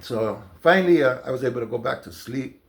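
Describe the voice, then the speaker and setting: A man's voice: medium pitch, lively intonation, brisk. A man casually telling a long personal story, loose and conversational with lots of fillers and restarts. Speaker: storyteller recounting jail experiences.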